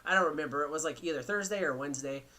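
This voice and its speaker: Guy on a podcast rattling off a story super fast, swearing a lot. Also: on the high side, sharp tone, a little hiss or hum. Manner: profane, rambling anecdote telling. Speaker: podcast host. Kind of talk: casual storytelling chat.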